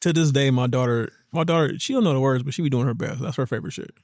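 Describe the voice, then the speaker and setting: A man co-hosting a podcast in casual chat. He is excited, laughs a lot, stumbles over his retellings, and swears. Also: mid-range voice, fast, dry recording, clean studio sound. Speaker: podcast co-host.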